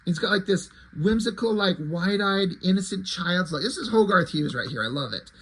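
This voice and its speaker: A man's voice: sits high, animated, moderate pace, fairly bright tone, breathy edge, low-quality recording. A man reviewing an old homemade comic in a chatty, rambling way, swearing casually as he flips through it. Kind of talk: casual commentary.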